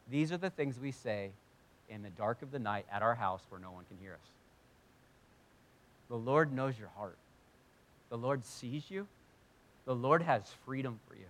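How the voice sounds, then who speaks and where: A man preaching a sermon to a congregation in a church hall, speaking earnestly and conversationally, swinging from loud emphasis to hushed tones. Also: mid-range voice. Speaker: pastor.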